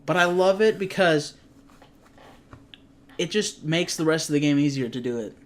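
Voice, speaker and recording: A man's voice: a little high, expressive, moderate pace. A young man co-hosting a casual gaming chat, rambling and often correcting himself mid-sentence. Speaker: co-host. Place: garage.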